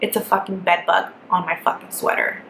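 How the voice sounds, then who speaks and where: A young woman telling a casual storytime vlog, animated and profane, exasperated as she recounts her ordeal. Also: lowish voice, fairly quick, creaky. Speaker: vlogger. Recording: echoey room with faint background hiss.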